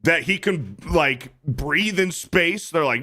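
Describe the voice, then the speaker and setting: A man with a high, bright, cutting voice rants as a podcast guest. His talk is angry, heavy with swearing and hard emphasis. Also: animated, unhurried, hardly any pauses. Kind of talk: heated rant in casual chat.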